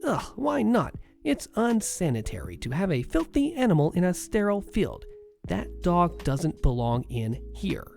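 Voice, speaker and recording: A man putting on a shrill, scornful rude woman. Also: sing-song, unhurried, creaky, a little mellow, faint music behind, full character voice. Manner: screeching, scornful and demanding. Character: rude shrill middle-aged woman patient.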